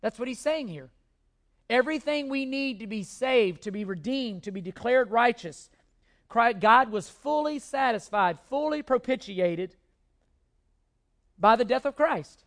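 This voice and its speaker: A man's voice: very high voice, expressive, unhurried. Male pastor, emphatic sermon delivery, repeats key words for weight. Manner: emphatic preaching with repeated phrases and restarts.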